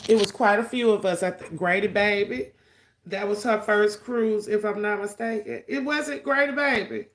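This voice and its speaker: A woman's voice: medium pitch, moderate pace. Woman livestream host, sassy, profane, chatty. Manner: sassy, profane, greets viewers by name. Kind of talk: casual livestream chat.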